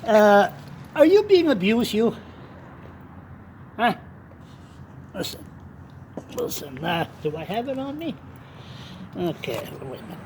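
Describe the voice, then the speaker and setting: A man talking straight to camera in a rambling, unscripted way, blunt and quick to swear. He drifts between his story and chatting to his dog. There is a faint hum of passing vehicles in the background. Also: high voice, big pitch swings. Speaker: blogger. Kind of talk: rambling casual monologue.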